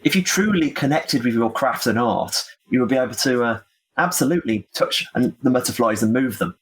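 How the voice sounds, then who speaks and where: A man's voice: mid-range voice, expressive, fairly quick, husky. A man playing an elderly woman who collects butterflies, speaking in a grand, flowery way in a tabletop game. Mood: effusive.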